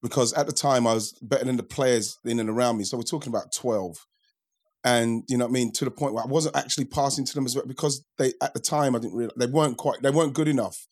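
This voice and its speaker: A man's voice: mid-range voice, quick pace, a little mellow. A man chatting on a podcast, telling sports stories in a reflective way and often repeating words as he goes. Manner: reflective, repeats himself while storytelling. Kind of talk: casual chat.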